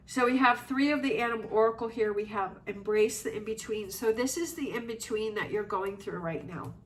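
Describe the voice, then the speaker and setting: A tarot reader with a fairly high, fairly quick voice gives a casual reading as a monologue. She rambles reflectively and reassuringly, using lots of fillers. The mic seems slightly distant, and faint noise is audible.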